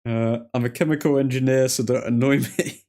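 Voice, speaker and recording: A man's voice: mid-range voice, steady tone, normal speed, darkish tone. Chatty man hosting a stream. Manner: chatty, rambling, laughs often, reads chat aloud. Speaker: streamer host. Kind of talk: casual live watchalong commentary.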